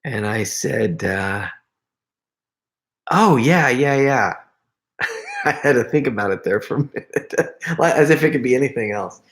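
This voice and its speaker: A man's voice: mid-range voice, expressive, moderate pace, reverberant. A middle-aged man hosting a casual livestream Q&A, rambling and chatting straight to his viewers. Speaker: YouTube prankster and channel host.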